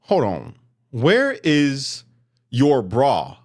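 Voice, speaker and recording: A man's voice: medium pitch, wildly swooping pitch, drawn-out words. A man commenting sarcastically on protest clips, mocking and emphatic.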